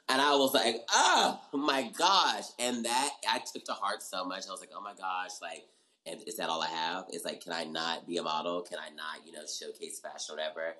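A man's voice: sits low, fairly bright tone, low-quality recording. A young man as an interview guest, animatedly telling his story and acting out his own past reactions. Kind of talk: casual interview chat.

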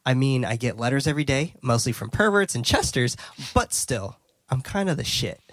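A man's voice: medium pitch, sing-song, normal speed, fairly bright tone. A man hosting a podcast, casually recapping film scenes, often restarting phrases and laughing. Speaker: podcast host.

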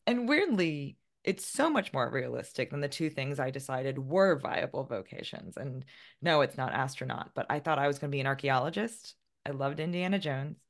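Low voice lady author, chatty, jokes on herself, laughs a lot, interview chat. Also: animated, normal speed, vocal fry. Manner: chatty, self-deprecating, laughs often. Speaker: author guest. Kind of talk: casual interview conversation.

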